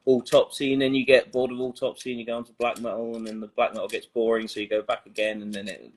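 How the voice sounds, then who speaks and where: A man's voice: mid-range voice, flat delivery, fast talker. A man guest on a casual podcast talks in a rambling way. He mocks himself a lot, in a medium voice. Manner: rambling, self-mocking. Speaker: band member guest. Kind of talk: casual chat.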